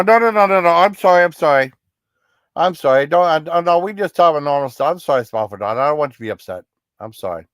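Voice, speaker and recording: A man's voice: fairly high pitch, no echo. Dry, rambling male livestream host. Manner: rambling, apologetic, reassuring, full of restarts. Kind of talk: casual livestream chat with viewers.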